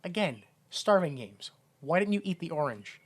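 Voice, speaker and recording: A woman's voice: low-pitched, expressive, normal speed, slightly rough. A woman co-hosting a podcast, recapping a film in rambling casual chat, swearing and acting out silly quotes. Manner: rambling, laughing, swearing, acts out quotes in a goofy raised voice. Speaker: podcast co-host.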